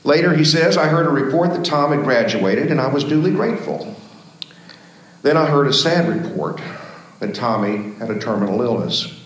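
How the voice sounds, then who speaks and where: Male pastor telling stories in a sermon, mid-pitched voice, big echo all around. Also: normal speed. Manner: folksy storyteller, animated in jokes. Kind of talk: sermon with storytelling. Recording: very echoey church room.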